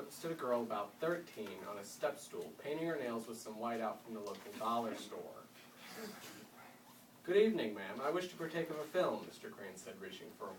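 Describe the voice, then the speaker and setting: A man's voice: mid-range voice, a little hiss or hum. Man reading a story aloud to classes. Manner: lively storytelling with dramatic swells. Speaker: reader to school classes. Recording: roomy room, mic far off.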